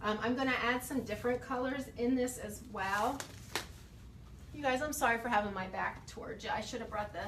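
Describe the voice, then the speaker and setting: A woman's voice: fairly high pitch, fairly quick. A woman chatting eagerly with her viewers while she demonstrates how to paint furniture, a little short of breath from working. She talks straight to the camera and gushes over each detail. The phone recording carries a faint background hum. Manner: chatty, enthusiastic, addresses viewers directly. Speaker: furniture refinisher.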